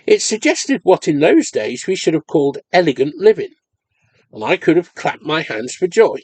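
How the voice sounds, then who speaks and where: A man reading a ghost story aloud as an audiobook in expressive, measured storytelling. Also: a little high, no echo. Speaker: audiobook reader. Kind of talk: scripted narration of a ghost story.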